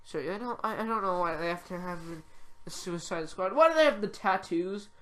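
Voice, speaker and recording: A teenage girl co-hosting a casual podcast, talking excitably and rambling with lots of "like". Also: on the low side, brisk. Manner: excitable, rambling, heavy use of "like". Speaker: podcast co-host. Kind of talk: casual chat.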